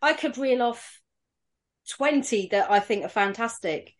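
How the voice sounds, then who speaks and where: A woman's voice: a little high, lively intonation, a little slow. A woman guest on a podcast, telling stories chattily with plenty of fillers. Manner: chatty storyteller with many fillers. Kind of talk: casual chat.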